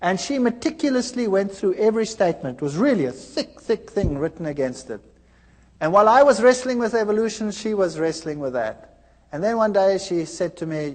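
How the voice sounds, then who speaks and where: A middle-aged man gives a testimony from the pulpit, acting out both sides of old arguments. His voice sits high and swings widely in pitch. A long hall reverb trails his words. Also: brisk. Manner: animated storytelling, acting out quoted dialogue. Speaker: speaker telling his conversion story. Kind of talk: preached personal testimony.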